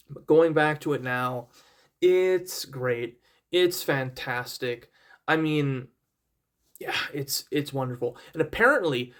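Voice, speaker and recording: A young man casually reviewing an album, rambling and self-deprecating, with many fillers and restarts and repeated praise. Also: fairly high pitch. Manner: enthusiastic, repeats praise words.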